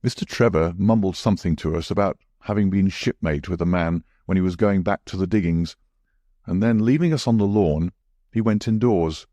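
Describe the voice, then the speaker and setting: A man reading a classic mystery story as measured audiobook narration. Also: deep voice, warm tone, no echo.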